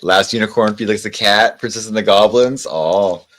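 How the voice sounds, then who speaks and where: A man giving tarot card readings in a casual livestream chat with viewers, rambling and stammering through restarts, and reading card messages aloud slowly. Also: on the low side, fairly bright tone. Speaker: tarot reader.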